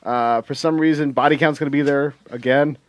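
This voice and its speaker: A man's voice: on the high side, fairly even intonation, a little fast, slight background noise. A man co-hosting a casual podcast, reading out music news in a rambling way with lots of fillers and swearing.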